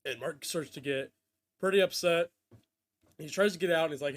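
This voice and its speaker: A man's voice: fairly high pitch, steady tone, brisk. A man hosting a casual podcast, recapping a show with loose asides and frequent laughs. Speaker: podcast host. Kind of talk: casual chat.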